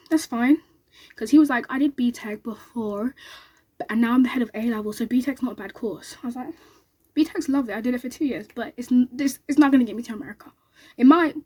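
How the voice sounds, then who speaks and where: Fast-talking young woman with a husky voice. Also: on the high side. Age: young adult. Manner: rapid, excitable, acts out others' lines. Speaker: vlogger. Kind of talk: casual storytelling to camera.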